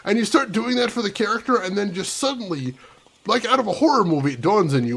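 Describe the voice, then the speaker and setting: A man's voice: high-pitched, lively intonation, fast talker, gravelly, fairly bright tone, slight background noise. A man casually commentating a game live stream, chatting with his viewers and laughing often.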